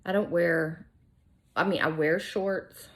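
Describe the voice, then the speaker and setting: A woman's voice: fairly low pitch, fairly even intonation, takes it slowly. A middle-aged woman, chatting casually and self-deprecatingly through her makeup routine, sometimes dropping to a whisper. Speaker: beauty vlogger. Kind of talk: casual makeup tutorial chat.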